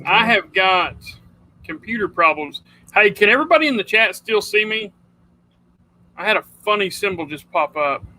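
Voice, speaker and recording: A man's voice: high voice, lively intonation, moderate pace, bright, forceful tone, rough recording. A man hosting a casual livestream chat, rambling and chatty, often calling people dude. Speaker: livestream host.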